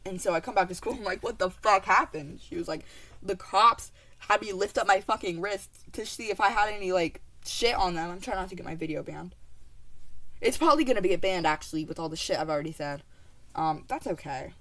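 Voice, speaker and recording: Teen girl, slightly low voice, casual storytime vlog, rambling and foul-mouthed. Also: a little fast, fairly bright tone. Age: teens. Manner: profane, rambling, full of fillers and asides. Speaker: vlogger telling a story.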